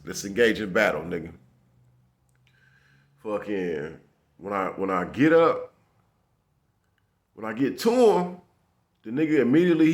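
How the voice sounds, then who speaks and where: Man telling a street story, full of slang. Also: lowish voice. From Los Angeles area. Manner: profane street slang, animated retelling with quoted dialogue. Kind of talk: casual storytelling.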